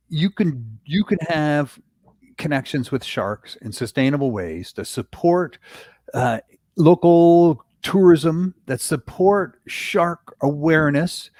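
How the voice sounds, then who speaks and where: A man's voice: on the high side, darkish tone, no room sound, studio quality. A man, a guest on a fishing show, talking earnestly in casual chat and repeating phrases as he thinks.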